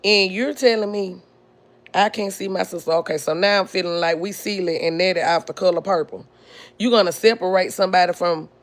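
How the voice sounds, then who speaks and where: A woman hosting a podcast, telling a personal family story in a blunt, indignant way. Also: mid-range voice. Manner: blunt, indignant, drawn-out delivery. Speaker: podcast host.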